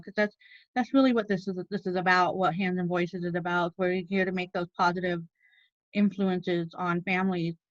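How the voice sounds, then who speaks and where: A woman's voice: on the low side, no echo. A woman hosting an online meeting, speaking in an earnest, emotional way. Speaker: meeting host. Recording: dull dry lo-fi audio.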